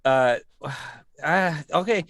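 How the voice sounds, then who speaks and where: A man's voice: a little high, very slow, a bit bright. A man co-hosting a comedy game show over a video call, jokey and laughing often as he rambles. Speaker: co-host of a comedy game stream.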